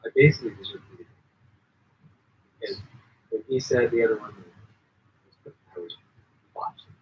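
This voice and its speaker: A man's voice: moderate pace, lo-fi sound, slight background noise. A man chatting casually on a podcast, telling stories and acting out quotes, swearing and laughing often. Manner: animated, acts out quotes in jumps of pitch. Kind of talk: casual chat, storytelling.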